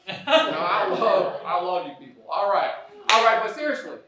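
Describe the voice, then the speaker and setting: Man doing a folksy Southern principal, loud and high, eager to please, live stage echo from afar. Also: sing-song, moderate pace, crowd noise. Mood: jovial. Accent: Southern US put-on. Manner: hearty, booming, awkwardly over-friendly. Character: folksy clueless white male high school principal. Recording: echoey stage from a distance.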